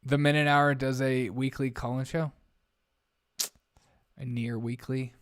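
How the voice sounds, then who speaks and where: A man's voice: mid-range voice, flat delivery, unhurried. A young man hosting a casual live stream, rambling bluntly and reading out viewer comments. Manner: blunt, rambling, reads chat aloud.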